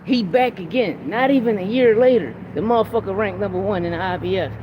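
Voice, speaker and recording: Man, podcast host, casual sports talk, blunt and profane, heated, loud traffic noise behind. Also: high voice, a little fast, dull audio.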